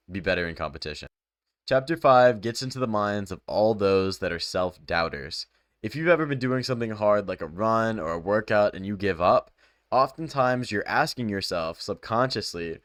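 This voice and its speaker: A man's voice: on the low side, a bit bright, smooth, no room sound, clean studio sound. A young man casually summarizing a self-help book, chatty and loose with lots of filler words. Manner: loose and chatty, full of "like" and "bro".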